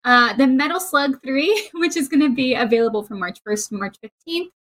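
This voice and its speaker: A woman's voice: sits high, animated, moderate pace, fairly bright tone. A woman co-hosting a gaming podcast, reading out a list in a light, playful way. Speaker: podcast co-host. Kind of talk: casual gaming podcast chat.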